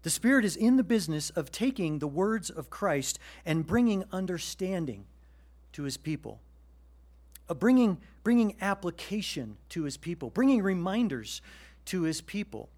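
A man preaching a sermon, animated and conversational, swinging from loud urgent appeals to hushed earnest passages. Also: high voice, normal speed. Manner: conversational, plays out little scenes. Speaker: pastor.

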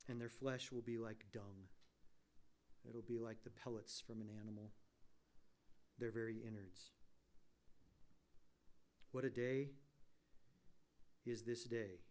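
A man's voice: mid-range voice, steady tone, slow pace, long pauses, a little mellow. A man preaching a sermon, posing rhetorical questions and rising to emphatic peaks. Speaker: pastor.

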